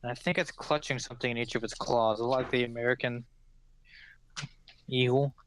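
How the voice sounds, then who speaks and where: A man's voice: mid-range voice, steady tone, a little fast, slight background noise. A man narrating a tabletop game as game master, rambling with many fillers.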